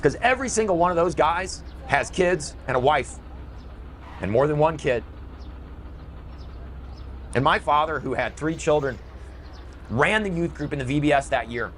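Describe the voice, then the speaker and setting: A man's voice: on the high side, animated, normal speed, pauses often, fairly bright tone, a little hiss or hum. A middle-aged man delivering an emotional, bitter ranting monologue in a video. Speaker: video commentator.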